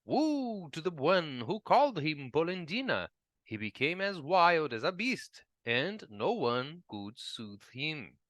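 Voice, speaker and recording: A man whose first language is Portuguese, an English teacher reading a children's story aloud in a slow, expressive style. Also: on the high side, dry recording. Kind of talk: storybook narration.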